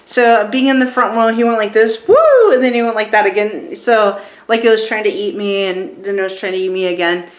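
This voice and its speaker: A woman's voice: mid-range voice, fairly even intonation, brisk. A woman in her forties telling a story in a casual, rambling way, with many fillers and restarts. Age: 40s. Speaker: vlogger reviewing a show. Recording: roomy echo.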